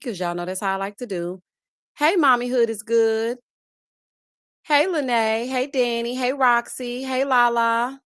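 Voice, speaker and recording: A woman hosting a live-streamed reality TV review, lively and chatty, calling out "child" and "honey" as she greets viewers by name. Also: a little high, normal speed, dry recording, studio quality. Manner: sassy, says "child" and "honey". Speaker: host.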